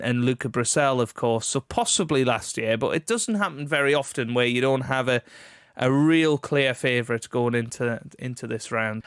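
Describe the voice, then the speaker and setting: Brief: male podcast co-host, smooth resonant voice, dry close sound, measured opinions. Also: medium pitch, dry recording. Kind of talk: casual chat.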